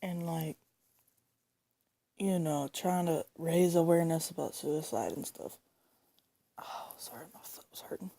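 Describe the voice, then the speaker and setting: A woman's voice: low-pitched, measured pace, vocal fry, pauses often, mellow. A young woman ranting indignantly into her phone, swearing and repeating herself as she talks. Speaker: vlogger. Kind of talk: angry casual rant.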